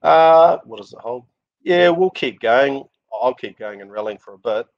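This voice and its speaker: Animated middle-aged New Zealand man, dry lo-fi. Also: medium pitch, moderate pace, no room sound. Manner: animated storyteller, laughs often. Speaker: rally driver guest. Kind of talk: casual podcast interview. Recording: dull lo-fi dry sound.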